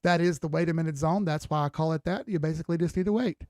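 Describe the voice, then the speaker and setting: A man's voice: fairly high pitch, fast, a little mellow, no echo, clean studio sound. A tired man giving casual live-stream commentary on crypto charts, talking in a loose, folksy way and often repeating himself. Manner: conversational, repeats phrases, folksy slang. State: tired, yawning.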